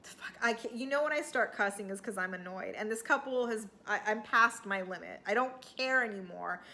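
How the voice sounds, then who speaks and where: A woman's voice: medium pitch, a little fast, sharp tone. A woman recapping a reality TV show in a chatty, sarcastic, rambling way, with plenty of fillers and the odd swear word. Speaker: TV recap vlogger.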